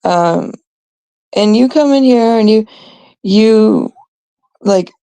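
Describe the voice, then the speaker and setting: A woman from Canada hosting a live stream, scolding and ranting bluntly at a troll, her talk full of fillers and pauses. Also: medium pitch, vocal fry, mellow, clear, resonant tone, no room sound.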